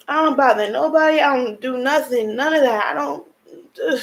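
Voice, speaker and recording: A woman's voice: high-pitched, normal speed, low-quality recording. A young adult woman venting in an emotional personal vlog, frustrated and tearful, at times crying as she talks. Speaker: vlogger.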